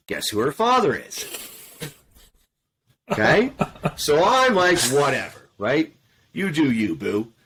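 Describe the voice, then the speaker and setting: A man's voice: medium pitch, husky. Blunt, profane man telling a story. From Canada. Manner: blunt, profane, swears constantly; animated, acts out quoted dialogue. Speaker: podcast panel guest, army veteran. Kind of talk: casual storytelling in a round table.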